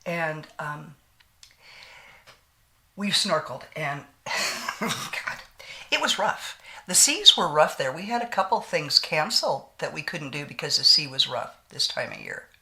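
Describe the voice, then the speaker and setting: Chatty older woman, low and bright. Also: very animated, unhurried. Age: 60s. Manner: chatty storyteller with frequent laughs and folksy sayings. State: slight lingering cough. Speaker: beauty vlogger. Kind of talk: casual chat while doing makeup.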